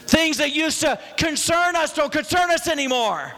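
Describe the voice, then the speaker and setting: A middle-aged male pastor preaching a sermon, excitable, with rambling asides and bursts of shouting. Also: very high voice, moderate pace, long reverb tail. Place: church hall.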